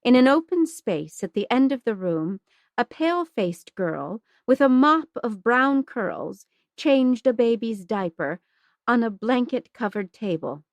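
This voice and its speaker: A woman narrating a historical novel as an audiobook in a measured, steady reading. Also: fairly high pitch, no room sound, muffled recording. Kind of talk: scripted narration.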